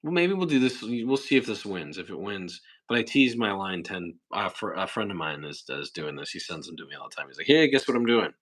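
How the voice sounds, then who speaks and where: A young man hosting a casual livestream, rambling through chat questions and sometimes breaking into shrill impressions. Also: big pitch swings, fairly quick, hardly any pauses, fairly bright tone. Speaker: livestream host.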